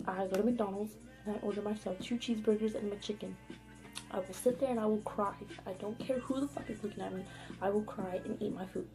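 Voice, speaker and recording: A woman's voice: medium pitch, steady tone, a little fast, poor audio. Young woman rambling a casual storytime. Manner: rambling, heavy "like" filler, frequent swearing. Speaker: vlogger. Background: background music.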